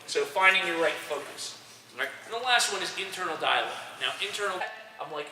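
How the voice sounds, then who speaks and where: Energetic male soccer coach, roomy hall. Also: high voice, brisk. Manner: energetic, direct, addresses group with frequent "okay". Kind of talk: motivational talk to young athletes. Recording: roomy echo, distant mic, faint noise.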